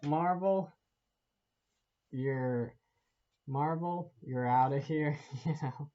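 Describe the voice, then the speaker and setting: A man rants casually to the camera about films, rambling on, laughing and cursing between thoughts. His voice sits a little high. The recording is muffled and lo-fi. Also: very slow, mellow. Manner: rambling, laughs often, swears. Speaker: vlogger. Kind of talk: casual movie rant to camera.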